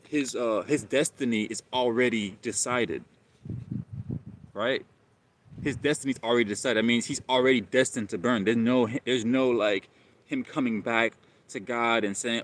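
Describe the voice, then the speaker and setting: A man's voice: mid-range voice, normal speed, slight background noise. A man hosting a live stream, talking casually and rambling, often repeating himself and calling listeners bro.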